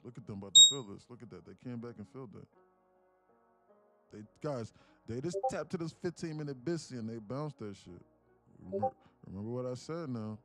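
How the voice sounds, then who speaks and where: A man's voice: mid-range voice, expressive, fairly quick, loud music behind the voice. A man live-streaming his day trading, bantering loosely with chat in slangy, joking talk and cursing freely.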